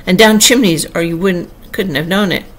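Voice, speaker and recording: A woman's voice: on the low side, moderate pace. A woman reading an audiobook and voicing a pompous, touchy egg-man perched on a wall, in a raised, blustering voice. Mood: haughty. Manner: blustering, haughty, loud. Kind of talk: audiobook character voice.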